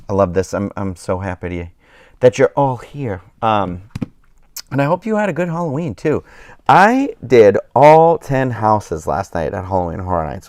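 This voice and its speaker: Male streamer, low voice, dry close sound. Sleepy, rambling casual chat. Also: darkish tone, clean tone, dry recording. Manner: rambling, many fillers and restarts. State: tired, yawning. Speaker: live stream host.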